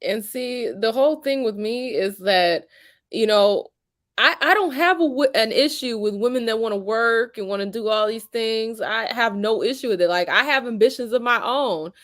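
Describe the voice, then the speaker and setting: A woman's voice: a little high, normal speed, a bit bright, dry recording, studio quality. A young adult woman hosting a casual discussion stream, chatty, laughing often and using many fillers. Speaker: host.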